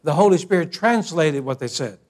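A man preaching a sermon, telling a humorous story in a folksy, animated way and repeating words as he builds it. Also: a little high, brisk.

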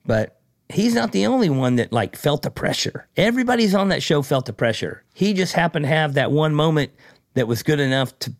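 A man who judges a tattoo competition, telling a story in casual chat, blunt and profane, with animated, mocking asides. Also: fairly high pitch, a little fast, dry recording, clean studio sound.

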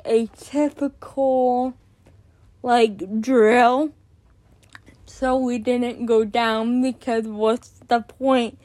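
A woman hosting a podcast, telling a personal story in casual talk, exasperated and swearing now and then. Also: fairly high pitch. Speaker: podcast host.

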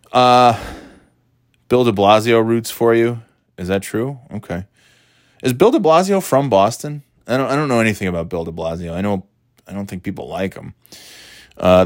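Low-voiced New guy ranting. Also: dry recording, studio quality. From New York. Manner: rambling, frequent restarts, casual swearing. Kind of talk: casual chat.

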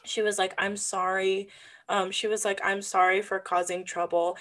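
A young adult woman co-hosting a podcast, telling a story in a casual, animated way and acting out the people in it, with many "like" fillers. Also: medium pitch, moderate pace. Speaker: podcast co-host.

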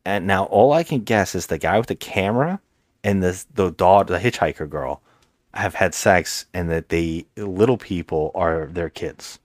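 A man's voice: deep voice, normal speed, no room sound, clean studio sound. A man co-hosting a podcast, casually recapping a movie plot with lots of hesitant restarts. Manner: rambling, hesitant storyteller with many restarts. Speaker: podcast co-host.

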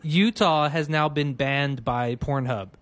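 A man's voice: fairly high pitch, takes it slowly, fairly bright tone. A man co-hosting a casual comedy podcast, chatty and loose, often laughing while he explains things. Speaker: podcast co-host.

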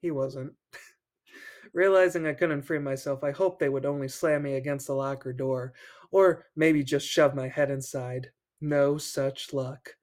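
A man's voice: medium pitch, fairly even intonation, measured pace, darkish tone. A man hosting a podcast, reading a children's horror book aloud and breaking off for joking asides, laughing between passages. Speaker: podcast host.

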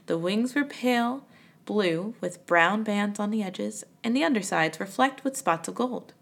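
A woman's voice: medium pitch, a little slow, vocal fry. A woman voicing an odd, fond old gray man in a storybook, speaking in a musing way. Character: odd old gray man who cares for a creature in a trunk.

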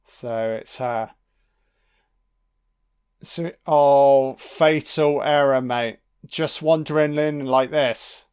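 A man's voice: mid-range voice, steady tone, very slow, a little mellow, clean tone. A man giving casual, sweary commentary on a film, talking back to the characters on screen. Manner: sweary, mocking asides to the screen.

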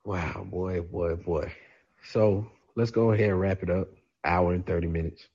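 Male co-host, low mellow voice, brief casual sign-offs. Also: steady tone, a little slow, dull audio. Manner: brief laid-back interjections. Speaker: podcast co-host. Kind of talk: casual podcast chat.

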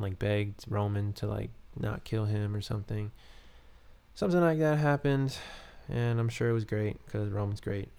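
A man's voice: lowish voice, gravelly, darkish tone, smooth. A man talking casually and rambling as a podcast host, full of fillers and loose asides. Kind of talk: casual wrestling commentary.

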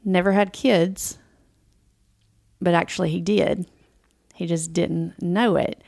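A woman co-hosting a podcast tells a story in a relaxed, chatty way, stopping and restarting her sentences often. Her voice has a gravelly edge. The sound is dry and close. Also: on the low side, slow pace, dry recording. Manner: emotional, storytelling, many restarts. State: close to tears. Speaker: podcast co-host. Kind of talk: casual chat.

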